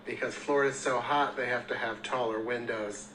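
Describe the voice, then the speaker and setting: A man's voice: medium pitch, fairly even intonation, normal speed, background noise. A man telling a funny story in a short social video, dramatic and exasperated. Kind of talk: storytelling clip.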